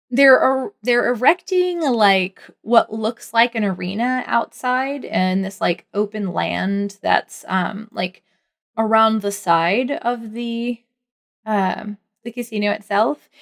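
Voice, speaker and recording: A woman narrating as game master of a tabletop game, rambling with lots of fillers. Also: mid-range voice. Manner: rambling, full of "like" and "um".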